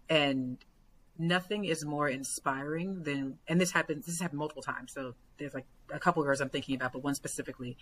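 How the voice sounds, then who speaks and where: A woman basketball coach talking earnestly as a podcast guest, full of fillers and growing excitement. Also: sits low, slight background noise, poor audio. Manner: earnest, many fillers, builds to excited retellings.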